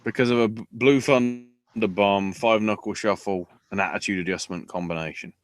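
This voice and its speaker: A man hosting a wrestling podcast, talking casually with sarcasm and swearing, and acting out quotes in loud bursts. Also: fairly low pitch, fairly even intonation, normal speed.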